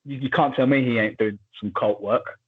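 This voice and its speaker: A man chats casually as a podcast co-host, lively and full of quick asides. His voice is husky and a little breathy. It comes through a thin, tinny line, as if over a phone. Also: mid-range voice. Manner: chatty, animated, quick asides. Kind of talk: casual chat.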